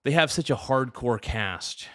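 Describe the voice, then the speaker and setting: A man's voice: mid-range voice, animated, measured pace, fairly bright tone, slight background noise. A man hosting a livestream, chatting casually and crudely while thanking viewers for gifts. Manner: rambling, joking, crude. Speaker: livestream host.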